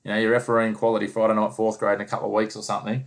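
A low-voiced man talks sport in a quick, fairly flat run of words. He is blunt and teasing, pressing his co-host to pick a side. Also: creaky. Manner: blunt, teasing, pushes for answers. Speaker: podcast host. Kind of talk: casual sports chat.

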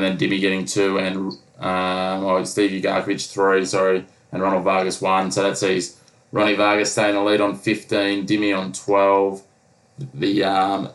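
A man's voice: deep voice, rough recording. A man co-hosting a casual sports podcast, rambling with lots of fillers. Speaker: podcast co-host.

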